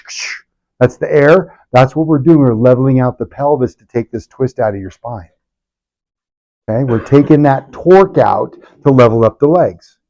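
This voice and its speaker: A man's voice: fairly high pitch, a little mellow. A middle-aged man, a chiropractor, leading a live workshop with punchy talk, sarcastic asides and constant rhetorical questions.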